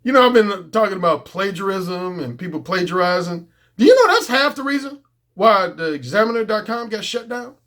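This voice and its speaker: A man's voice: sits high, very animated, brisk, a bit bright. A middle-aged man, a dating coach, talking bluntly and profanely in a casual unscripted monologue.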